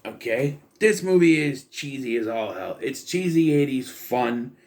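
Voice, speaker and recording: A man's voice: medium pitch, expressive, measured pace, darkish tone. A young man casually reviewing a film, rambling and sarcastic, with incredulous asides. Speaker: movie reviewer.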